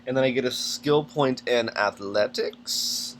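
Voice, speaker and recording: Solo podcast host, man, mid-pitched, hesitant think-aloud delivery. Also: measured pace, a bit bright, slight background noise. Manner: thinking aloud, many ums and restarts. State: has the hiccups. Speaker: podcast host making a character. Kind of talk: casual solo walkthrough.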